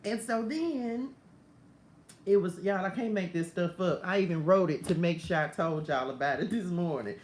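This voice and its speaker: A woman's voice: lowish voice, moderate pace, darkish tone. A woman giving a casual, laughing, digressive morning devotional straight to her viewers, ending in prayer. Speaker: faith coach hosting a morning message. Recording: echoey room with faint ambient noise.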